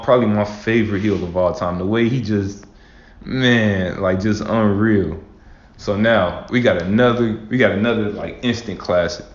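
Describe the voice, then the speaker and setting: A man hosting his own casual commentary as a wrestling fan, talking loosely and rambling with lots of "man" and "like". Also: fairly low pitch. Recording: roomy, dull lo-fi sound.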